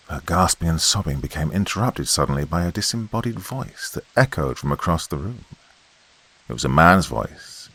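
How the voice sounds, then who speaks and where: Extremely deep, gravelly horror narrator. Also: male voice, fairly bright tone, dry recording. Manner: dramatic, measured.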